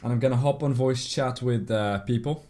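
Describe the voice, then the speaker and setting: A man's voice: medium pitch, normal speed, warm tone. Chatty male game streamer. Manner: chatty, reads out and answers chat, laughs often. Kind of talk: casual live-stream chat.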